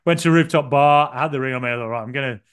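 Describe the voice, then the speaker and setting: A man's voice: mid-range voice, very fast, a bit bright, smooth. A man co-hosting a football podcast, telling a long story in a rambling, self-deprecating way with lots of fillers. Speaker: podcast co-host. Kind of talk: casual podcast chat.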